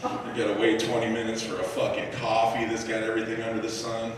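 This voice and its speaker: A man performing a profane, animated stand-up set on a live comedy club stage, acting out voices and shouting punchlines. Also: lowish voice, fast, background noise. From United States. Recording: echoey club room recorded from a distance. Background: audience laughter.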